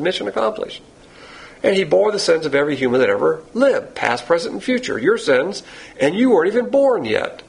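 Blunt, gravelly-voiced male preacher. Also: a little high, low-quality recording. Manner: blunt, emphatic, rhetorical questions. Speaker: pastor teacher. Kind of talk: sermon.

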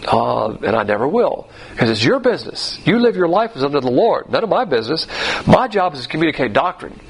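A man's voice: fairly high pitch, big pitch swings, brisk, creaky, husky. A man teaching Bible doctrine as a pastor, blunt and combative, mocking other churches as he goes.

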